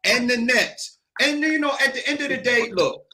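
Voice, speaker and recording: Emphatic high-voiced man talking sports. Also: expressive, moderate pace, pushed and bright. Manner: emphatic, storytelling. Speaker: sports panelist. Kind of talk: casual sports debate.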